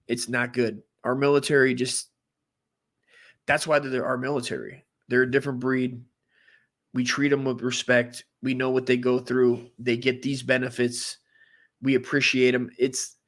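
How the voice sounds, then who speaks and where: A man's voice: medium pitch, fairly bright tone. A man telling a story in a casual, rambling way, cursing often and using lots of fillers, turning earnest when serious. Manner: profane, rambling, full of fillers. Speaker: comedy podcast host.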